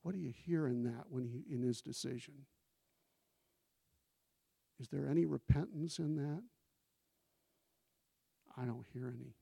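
A man's voice: medium pitch, measured pace, vocal fry, pauses often, warm tone, slightly rough, no echo, clean studio sound. A male pastor preaching a sermon in a conversational way, asking the congregation questions and giving scripture quotes with emphasis.

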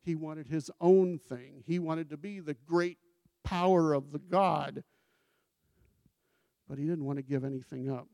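A man's voice: fairly high pitch, measured pace, gravelly, pauses often, a little mellow, no room sound, clean studio sound. A male pastor preaching a sermon in a conversational way, asking the congregation questions and giving scripture quotes with emphasis.

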